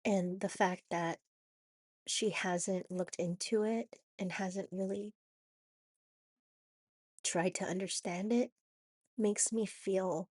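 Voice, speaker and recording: A woman with a raspy voice from a cold, talking haltingly in a personal confessional vlog with many restarts and "you know"s. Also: medium pitch, fairly even intonation, darkish tone, no echo, clean studio sound. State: hoarse from a cold. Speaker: vlogger.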